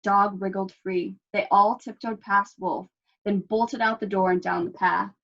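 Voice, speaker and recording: A woman librarian reading a picture book aloud at children's story time, expressive and asking the children questions, in a dull lo-fi recording. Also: mid-range voice, measured pace, creaky.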